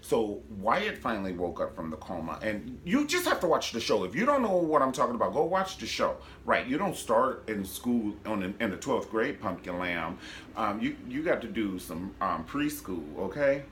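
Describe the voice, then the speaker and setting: Man from Cleveland, low voice, swoops a lot, gossipy recap vlogger. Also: normal speed, slight background noise. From Cleveland, Ohio. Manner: animated, gossipy, dramatic asides. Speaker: TV show reviewer. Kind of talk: casual recap vlog.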